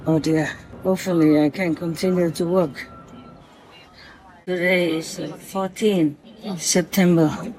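A soft-spoken vlogger who talks gently and affectionately, as in a spoken diary at night. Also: mid-range voice, fairly even intonation, measured pace, long pauses, soft background music, rough recording. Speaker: vlogger speaking to a visiting fox spirit. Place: outdoors at night by a forest.

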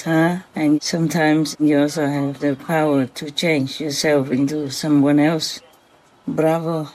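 A woman speaking tenderly and gently, repeating blessings and reassurances as she talks to an animal at night and later recounts it. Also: low-pitched, poor audio. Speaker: spiritual vlogger.

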